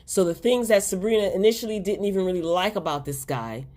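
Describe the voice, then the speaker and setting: A woman's voice: medium pitch, quick pace, dark tone. A woman hosting a casual TV episode recap, chatty and exasperated as she talks straight to her viewers. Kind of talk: casual spoken episode review.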